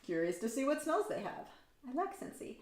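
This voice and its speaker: A woman's voice: sits high, sing-song, a little fast, a little mellow. A woman artist chatting candidly and rambling while she paints live, frank and opinionated, with lots of ums and likes. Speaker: artist hosting a painting livestream. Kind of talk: casual chat while painting. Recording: roomy echo.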